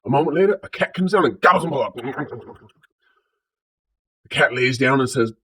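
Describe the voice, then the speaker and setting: A man's voice: medium pitch, animated, normal speed, long pauses, pushed and bright, slightly rough. A man with a Southern US accent casually telling funny stories and jokes, playfully acting out sounds. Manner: playful, acts out sounds like purring. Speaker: storyteller. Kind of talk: casual story time and joke telling.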